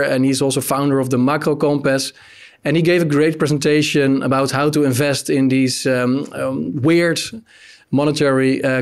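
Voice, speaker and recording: Clear-voiced man introducing a video. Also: fairly high pitch. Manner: hesitant, many fillers. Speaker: host, managing director.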